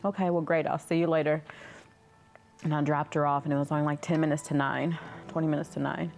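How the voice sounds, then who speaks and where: A mother telling a personal story in a halting way, restarting often. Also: deep voice, level tone, darkish tone, soft background music.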